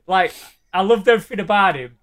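A man's voice: high voice, animated, fast talker, a bit bright. A man in casual chat with friends, enthusiastically retelling film scenes and laughing. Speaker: podcast co-host.

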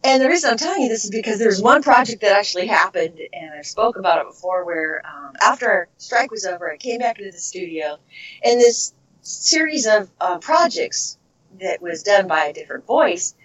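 A woman's voice: mid-range voice, lively intonation, normal speed, distant mic. A middle-aged woman and voice actress, telling stories in a casual interview and trailing off into tangents. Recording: dull lo-fi recording.

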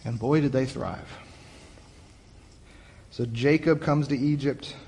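In a church hall with long, echoing reverb, a young male youth pastor delivers a conversational sermon, retelling the story in his own casual words. His voice sits in the mid range and he takes it slowly, animated and restarting his sentences as he goes.

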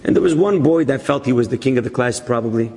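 A man telling a moral story as a sermon, dramatic, dropping low and hushed and then climbing to loud raised peaks. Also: lively intonation, fast talker, long reverb tail, a little hiss or hum.

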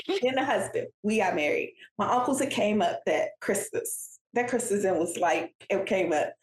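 A woman's voice: mid-range voice, expressive, normal speed. A woman co-hosting a podcast, chiming in with frequent laughter and telling family stories. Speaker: podcast co-host. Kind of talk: casual storytelling chat. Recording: roomy echo.

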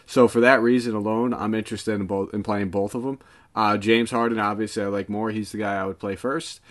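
A man with a fairly low voice talks eagerly on a casual sports podcast. He is emphatic and fills gaps with ums and uhs. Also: steady tone, fairly quick. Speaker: podcast co-host. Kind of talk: casual sports betting chat.

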